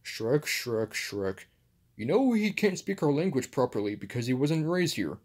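Man playing a superhero, male, calm, patient, hesitant, lots of "um", toy play. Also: mid-range voice, measured pace. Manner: hesitant, many fillers. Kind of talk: home toy play-acting.

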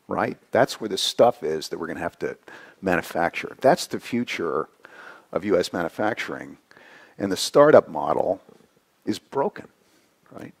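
A man giving a conversational conference talk, often ending points with a quick "right?". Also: lowish voice, vocal fry, slightly rough. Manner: conversational, frequent "right?" tags. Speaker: conference speaker. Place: conference hall.

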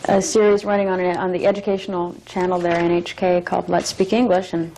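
Actress guest on an interview show, low flat voice with some gravel, talks it through slowly. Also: female voice, a little hiss or hum, rough recording. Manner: thoughtful, measured, with restarts. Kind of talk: reflective interview talk.

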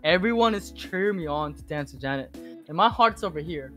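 Swearing a lot and restarting his sentences, this male interviewee on a podcast rambles through an animated retelling of a casual story. He speaks briskly in a slightly high voice over soft background music.

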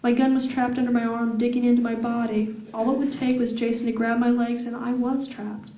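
A woman reads her own fiction aloud at a fan event, slowly and deliberately, with a sensual lilt. Her voice is a little high yet mellow. It is heard from afar in an echoey room. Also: flat delivery, far from the mic. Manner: slow, deliberate, sensual reading. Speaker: author reading her novel. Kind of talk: public reading of fiction.

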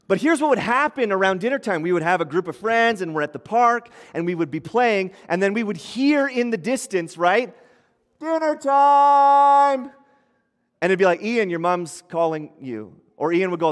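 Conversational man preaching in a reverberant hall. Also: sits high. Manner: conversational preaching with acted-out quotes. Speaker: pastor. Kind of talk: sermon. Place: church hall. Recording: long church hall reverb.

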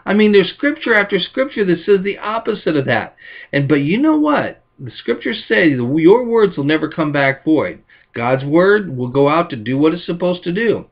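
A man preaching a sermon with a slightly high voice. He tells stories with lively emphasis and acts out the quotes. The recording is dull and lo-fi. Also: moderate pace. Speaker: pastor.

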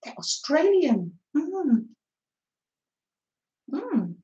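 A woman's voice: sits high, very animated, drawn-out words, warm tone, dull audio. An Englishwoman hosting a craft livestream, chatting casually, greeting viewers by name and giggling often. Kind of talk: casual chat reading live comments. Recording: echoey room.

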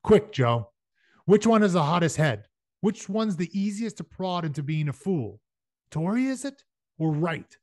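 A man doing a sharp commanding gunman. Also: fairly high pitch, animated, a little slow, dry recording, clean studio sound, voice pushed up. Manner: sharp, clipped, taking charge. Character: sharp commanding frontier gunman, male adult.

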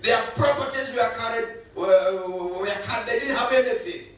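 A man's voice: very high voice, normal speed, fairly bright tone, faint music behind. A male pastor, preaching a sermon with emphatic repetition. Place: church hall. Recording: echoey hall, voice from far off.

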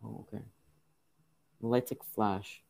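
A young man giving frustrated gameplay commentary, muttering to himself and breaking into loud exasperated outbursts. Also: fairly low pitch, flat delivery, unhurried, gravelly. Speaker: gaming video creator.

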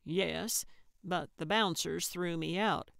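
Woman reading a cranky old lady detective: snappy, indignant, low, unhurried. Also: vocal fry, a bit bright, no echo, clean studio sound, full character voice. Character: blunt cantankerous old woman sleuth.

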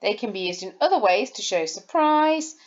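A woman's voice: mid-range voice, expressive, moderate pace, lo-fi sound. A woman, a primary school teacher giving a recorded lesson and explaining patiently, step by step, to young children. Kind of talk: recorded lesson over slides.

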